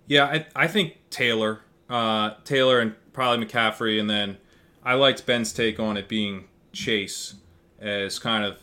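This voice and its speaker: Guy on a fantasy football pod, kinda low voice but bright, keeps restarting sentences. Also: a little slow. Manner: thinking aloud with frequent restarts. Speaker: guest fantasy football analyst. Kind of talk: casual podcast discussion.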